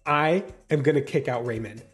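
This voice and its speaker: A man giving casual gameplay commentary as a gaming YouTuber, excitable and chatty, swearing freely and talking straight to his viewers. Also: mid-range voice, normal speed, faint music behind.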